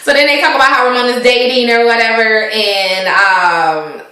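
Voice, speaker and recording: A woman's voice: fairly high pitch, steady tone, normal speed, pushed and bright. A young woman recapping a TV episode in casual chat, filler-heavy and often laughing. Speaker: TV recap vlogger. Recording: very echoey room.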